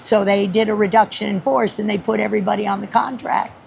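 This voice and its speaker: A woman guest on a podcast telling a story in an animated, rambling way, laughing often and acting out the people she quotes. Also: medium pitch, quick pace, creaky, muffled recording, a little hiss or hum. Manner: rambling with many restarts.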